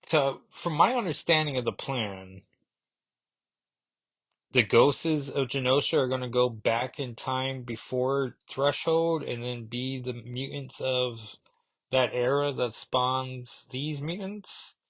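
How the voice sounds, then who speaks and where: A man's voice: mid-range voice, takes it slowly, a bit bright, dry recording. A man hosting a podcast who reviews a comic book casually, rambling and correcting himself as he thinks aloud. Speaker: podcast host.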